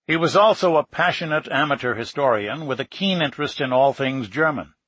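A man reading a nonfiction book aloud in a steady, measured narration. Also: a little high, husky, no echo. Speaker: audiobook narrator. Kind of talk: scripted narration.

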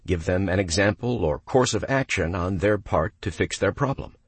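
A man's voice: low voice, lively intonation, moderate pace, slightly rough, no room sound. A man, a property manager, giving step-by-step instructional narration and acting out phone calls with an applicant. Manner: coaching, step-by-step explanations.

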